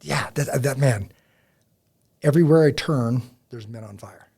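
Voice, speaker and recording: Male podcast host with a gravelly, somewhat husky voice; animated, rambling chat. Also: mid-range voice, measured pace. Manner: rambling, animated storyteller with many fillers. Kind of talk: casual faith podcast chat.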